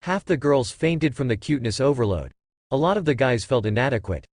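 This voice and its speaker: Man, story narrator, lively rising and falling pitch, dry close sound, one voice for all roles. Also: a little fast, dry recording. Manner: reads every character in one voice. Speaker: fan-fiction narrator.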